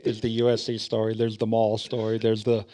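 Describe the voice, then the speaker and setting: A man's voice: on the low side, brisk, a little hiss or hum. Laid-back man telling stories on a podcast. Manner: animated storytelling, mock outrage, casual swearing. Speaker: podcast host. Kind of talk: casual chat.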